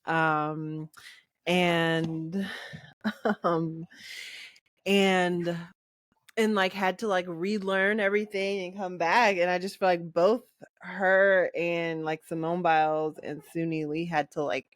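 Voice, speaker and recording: A woman's voice: on the low side, flat delivery, slow, dry recording, studio quality. A woman co-hosting a podcast, chatting with enthusiasm and rambling through fillers. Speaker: podcast co-host. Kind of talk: casual chat.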